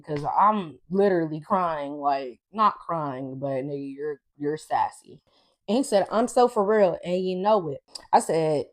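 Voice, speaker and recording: A young woman vlogger telling a story in a blunt, sassy, profane way to her viewers. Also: fairly low pitch. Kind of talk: casual storytime vlog.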